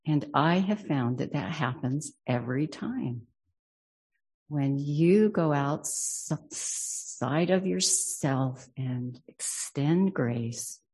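Man, scripture teacher, reflective lesson, husky voice, mellow tone, reads verses then muses. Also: mid-range voice. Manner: slow, thoughtful, reads verses aloud and then muses on them.

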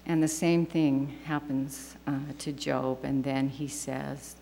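A woman with a low voice leads a scripture lesson, reading verses aloud earnestly and reverently. She speaks slowly and deliberately. Her voice rings with a long hall reverb over a faint hum. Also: fairly even intonation, vocal fry, dark tone. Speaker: class teacher.

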